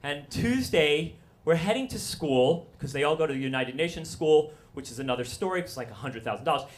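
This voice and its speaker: A man's voice: fairly high pitch, expressive, a little fast. A man in his forties telling a personal story live, rambling and self-deprecating, full of asides.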